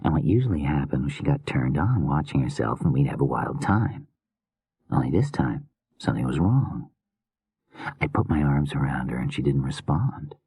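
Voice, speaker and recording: A man's voice: a bass voice, big pitch swings, moderate pace, warm tone, slightly rough, no echo, full character voice. A man voicing an unhinged, weary male killer filmmaker in a slurred whisper, as whispered role-play in an audiobook.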